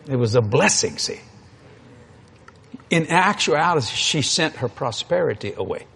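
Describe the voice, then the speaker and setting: A man's voice: mid-range voice, animated, unhurried, creaky, long pauses, fairly bright tone. A man preaching a sermon, telling folksy stories in an emphatic way.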